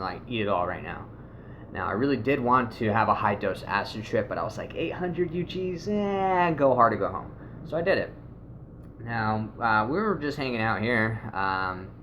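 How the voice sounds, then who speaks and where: A man casually telling a rambling, animated story, swearing often and acting out what people said. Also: lowish voice, slight background noise. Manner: rambling, animated, swears a lot, acts out quotes. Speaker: video host.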